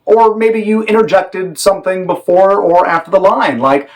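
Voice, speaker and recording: A man teaching theater directing in a measured, demonstrative way, now and then acting out sample lines. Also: high-pitched, rough recording. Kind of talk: instructional talk on directing.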